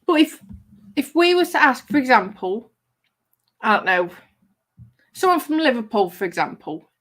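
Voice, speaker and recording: A woman's voice: a little high, very animated, normal speed, a bit bright. Chatty woman hosting a livestream. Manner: chatty, giggly, reads comments aloud. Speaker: livestream host reading chat. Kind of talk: casual live-stream chat.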